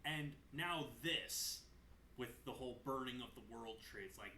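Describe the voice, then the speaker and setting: A man hosting a gaming lore video who recaps the story in a casual way. He is animated, swears, and wanders off on tangents. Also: mid-range voice, normal speed. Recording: roomy echo, faint room noise.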